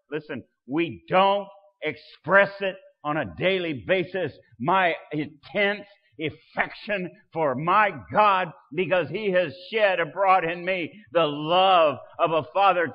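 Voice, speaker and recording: A man preaching a sermon as pastor, swelling loud and dropping soft. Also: fairly high pitch, in a large hall, dull audio.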